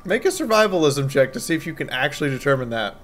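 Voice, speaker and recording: A man's voice: fairly high pitch, very animated, quick pace, fairly bright tone, slight background noise. Man running a tabletop game. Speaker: game master.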